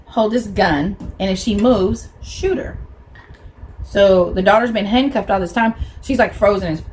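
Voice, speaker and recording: A woman's voice: mid-range voice, slight background noise, poor audio. A woman hosting an eating show, telling a true crime story in a blunt, colloquial way and talking straight to her viewers. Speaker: mukbang host.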